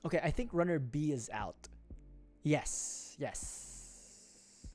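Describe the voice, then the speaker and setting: A man's voice: on the high side, expressive, slow, a little mellow, faint music behind. Rambling casual streamer man from the Philippines. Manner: rambling, self-interrupting, joking asides. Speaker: livestream host. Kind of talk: casual livestream chat while building a model kit. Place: home streaming setup.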